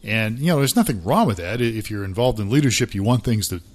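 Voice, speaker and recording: A man's voice: fairly low pitch, expressive, quick pace. A middle-aged man co-hosting a casual podcast about church life, chatty and self-deprecating. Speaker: podcast co-host.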